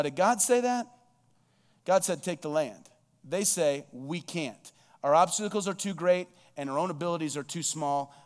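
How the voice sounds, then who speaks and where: A man's voice: on the high side, big-room sound. A man preaching a sermon as pastor, reading scripture aloud and asking the listeners rhetorical questions.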